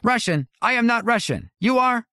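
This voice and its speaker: A man's voice: very high voice, lively intonation, normal speed, bright, forceful tone, no room sound, clean studio sound, pitched above the performer's own voice, exaggerated voice. A male audiobook narrator voicing a terse foreign man who speaks in short, broken English sentences. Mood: curt. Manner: clipped, blunt phrasing.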